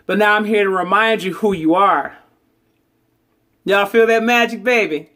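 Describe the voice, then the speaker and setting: High-voiced man preaching to followers. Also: fairly bright tone. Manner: preachy, calls listeners babies, keeps asking okay. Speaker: spiritual social media host. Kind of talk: spiritual vlog monologue.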